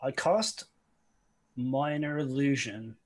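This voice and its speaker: A man's voice: medium pitch, takes it slowly. A man playing a tabletop game who talks hesitantly and argues over the rules. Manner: hesitant, many fillers, arguing rules. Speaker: player. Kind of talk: casual game table talk.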